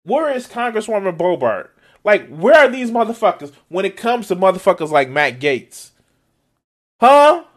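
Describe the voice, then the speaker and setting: A man giving casual, profane reaction commentary on a video, excitable and laughing often. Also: sits high, moderate pace.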